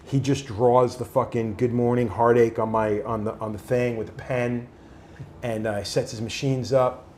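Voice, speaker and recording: A man's voice: medium pitch, normal speed, echoey room, a little hiss or hum. A man casually telling stories, swearing freely and acting out other people's voices. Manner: animated, swears freely, acts out quoted voices. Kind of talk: casual storytelling.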